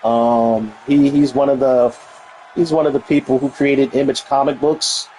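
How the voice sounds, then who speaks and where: A man's voice: mid-range voice, slow pace, dark tone, breathy edge, poor audio. A man streaming and chatting casually, blunt and profane, who laughs often and reads and answers his live chat.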